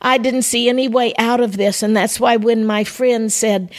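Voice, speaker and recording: A woman's voice: on the high side, steady tone, moderate pace, hardly any pauses. An older woman who hosts a ministry podcast, giving an earnest devotional talk straight to her listeners. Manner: earnest, conversational, addresses listeners directly.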